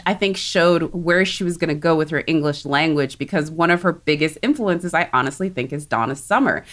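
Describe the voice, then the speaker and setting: A chatty woman from South Texas with a notably low voice talks casually on a podcast. She laughs easily and tosses in quick asides. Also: fairly bright tone. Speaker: podcast co-host. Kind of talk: casual chat.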